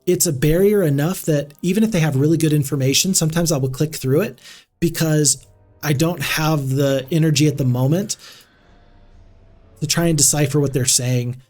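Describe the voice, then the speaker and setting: A man's voice: on the high side, moderate pace, darkish tone, soft background music. A man commentating a strategy game on a live stream, chatty and rambling with frequent restarts.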